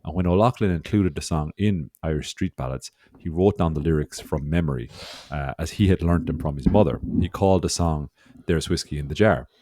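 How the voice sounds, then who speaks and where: A man's voice: a bass voice, a little fast, hardly any pauses, dark tone, no room sound, studio quality. A man co-hosting a podcast in casual chat, loose and teasing, swearing freely. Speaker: podcast co-host.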